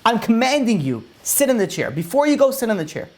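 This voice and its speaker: A man's voice: extremely high pitch, very animated, a little fast, a little mellow, voice pushed up. A man voicing an elderly rabbi who is kindly but firm, speaking in a raised, urgent voice. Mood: urgent, insistent. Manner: pleading then commanding.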